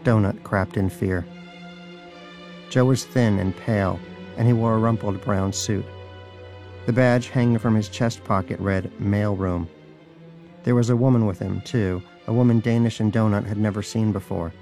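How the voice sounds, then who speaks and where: A man's voice: fairly low pitch, fairly even intonation, moderate pace, mellow, faint music behind. A man narrating a comic audiobook in a dry, wry storytelling manner.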